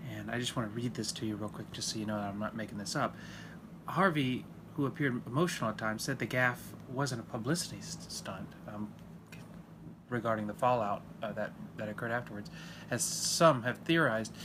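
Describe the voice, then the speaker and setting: Rambling man with a noisy hiss behind. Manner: rambling and halting, full of fillers, swinging into sudden high excited outbursts. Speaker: comedic character monologue. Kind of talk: deadpan comedy monologue in character as a dad.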